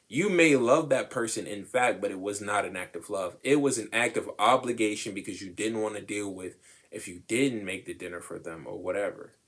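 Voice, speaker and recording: A young man co-hosting a podcast, talking casually about relationships in an animated, slangy way, acting out the voices of people he quotes. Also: on the low side, normal speed, slightly rough. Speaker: podcast co-host.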